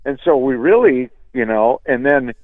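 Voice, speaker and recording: A man guesting on a radio show, telling an animated, profane story and saying "dude" a lot. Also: medium pitch, moderate pace, no room sound. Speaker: guest musician. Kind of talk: casual storytelling. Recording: tinny phone line, dry.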